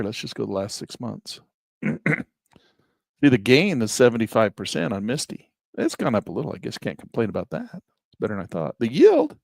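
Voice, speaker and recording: A man's voice: medium pitch, vocal fry, a little mellow, dry recording. A man giving folksy, self-amused commentary on his investments while sharing his screen. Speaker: investing vlogger. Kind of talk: casual screen-share commentary.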